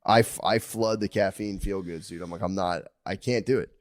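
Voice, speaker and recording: A man's voice: sits low, fairly quick, no room sound. Brief: man, 30s, podcast co-host, rambling profane storyteller, dry close sound. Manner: rambling, profane, acts out quotes loudly. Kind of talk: casual comedic chat.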